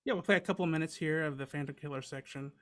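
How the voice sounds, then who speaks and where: A man's voice: on the high side, rapid-fire, a bit bright. A man working as a sound engineer, casually explaining how audio mastering works. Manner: easygoing, explanatory.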